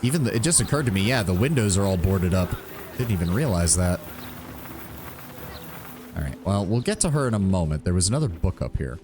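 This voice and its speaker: Lively, thinking-aloud gaming streamer man. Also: sits low, fairly quick, pauses often. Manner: thinks aloud, rambling asides. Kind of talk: casual gameplay commentary. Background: game music.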